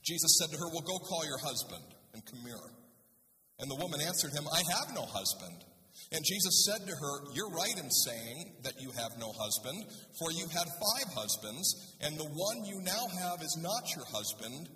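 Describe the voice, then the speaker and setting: In an echoey church sanctuary, with the mic well away from him and a slight hiss or hum, a man preaches a sermon in a conversational style. His slightly high voice is bright, forceful and sing-song at a moderate pace as he reads scripture and asks the congregation rhetorical questions.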